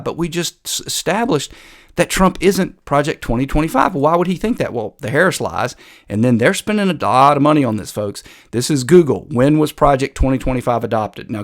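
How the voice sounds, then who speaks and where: A man hosting a political commentary video, combative and sarcastic, talking straight to his viewers. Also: mid-range voice.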